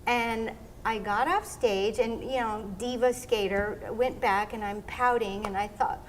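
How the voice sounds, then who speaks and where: Middle-aged woman guest, higher pitch, animated storyteller. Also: moderate pace, few pauses, slight background noise. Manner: animated storyteller, acts out quotes. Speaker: interview guest, former pro skater. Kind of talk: casual storytelling interview.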